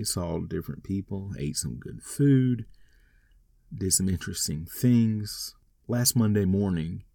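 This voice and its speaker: A man's voice: low-pitched, creaky, darkish tone, no echo, studio quality. A man telling a rambling, wry personal story in a casual monologue. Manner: rambling, wry, self-deprecating.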